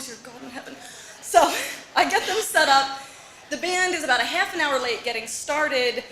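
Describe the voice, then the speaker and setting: A woman telling a personal story live on stage, animated and laughing often as she acts out her relatives' lines. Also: high-pitched, roomy sound, slight background noise, poor audio. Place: bar or small venue with audience.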